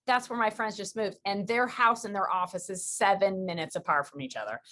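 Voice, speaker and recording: Lively woman podcast host from Western New York. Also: medium pitch. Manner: lively storyteller, quick rambling asides. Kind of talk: casual interview chat.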